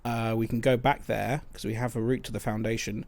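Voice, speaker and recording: A man's voice: mid-range voice, flat delivery, a little fast, a little mellow. A man streaming a video game, thinking aloud in casual, muttered commentary.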